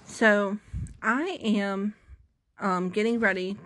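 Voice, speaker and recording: A woman's voice: medium pitch, steady tone, slow, fairly bright tone. A young woman vlogger telling a story to camera in a casual, rambling, self-mocking way, full of dramatic asides and restarts.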